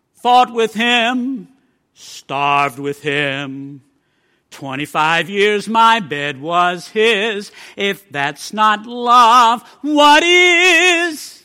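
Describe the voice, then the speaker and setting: A man speaking the lines of a weary, devoted middle-aged wife from a song, slowly and drawn out, while preaching a sermon. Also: high-pitched, animated, bright, forceful tone, clean tone, full character voice. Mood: wistful.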